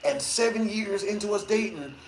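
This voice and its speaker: A man streaming games who tells a story to his chat in a lively, slangy way, laughing often and swearing. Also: high voice, moderate pace. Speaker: gaming streamer. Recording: echoey room with faint noise.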